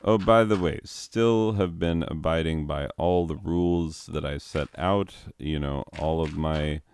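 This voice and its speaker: A man with a very low, smooth, resonant voice talks slowly and unhurriedly over a game. He rambles off into history tangents and laughs at his own jokes. The sound is close and dry. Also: a little mellow. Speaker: game video host; teacher. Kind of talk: casual gaming commentary.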